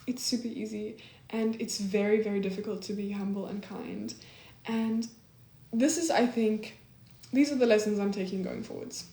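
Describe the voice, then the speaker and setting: A young woman talking casually and earnestly about a breakup, full of likes and ums, reflective and soft. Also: medium pitch, steady tone, moderate pace, roomy sound. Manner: soft, earnest, heavy use of like and um. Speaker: host giving breakup advice.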